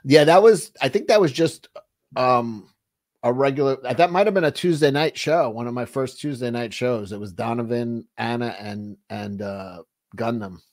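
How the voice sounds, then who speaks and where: Hosting a casual livestream, a man chats loosely with his co-host and viewers at a normal speed in an ordinary middle-pitched voice. He rambles, swears freely and keeps stopping and restarting sentences.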